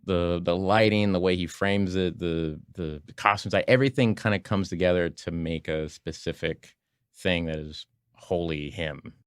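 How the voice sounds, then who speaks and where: A man enthusing about films on a podcast, with quick asides. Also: low voice, fairly even intonation, clear, resonant tone. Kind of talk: podcast film commentary.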